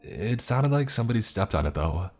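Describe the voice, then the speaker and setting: A nervous young woman, as a man voices her, snaps in a raised, tense voice above his usual low register. She sounds on edge and short-tempered, with faint music playing. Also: sing-song, brisk, darkish tone. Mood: anxious, snappy. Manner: jumpy and irritable.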